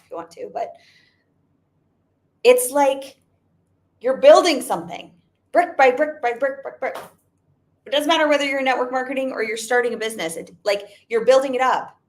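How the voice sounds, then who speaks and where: A young adult woman giving an emphatic motivational talk, repeating her points and using "like" often. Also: on the high side. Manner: emphatic, repetitive, frequent "like". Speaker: network marketing business owner.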